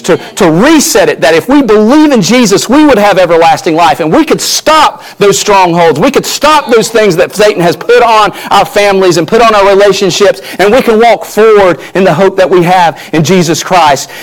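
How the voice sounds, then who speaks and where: A male pastor preaching a sermon earnestly, his emphasis rising and falling, often repeating words as he builds a point. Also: high voice.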